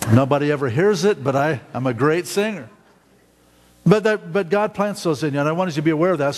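A middle-aged man preaching a sermon as pastor, halting and repeating words, often asking the congregation questions. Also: fairly high pitch, in a large hall. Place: church sanctuary.

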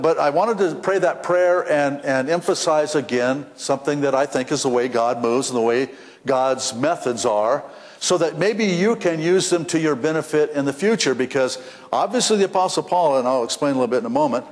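Male pastor, mid-high voice, folksy sermon delivery with restarts, long church reverb. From western United States. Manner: folksy storytelling with frequent restarts and repeated words. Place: church sanctuary.

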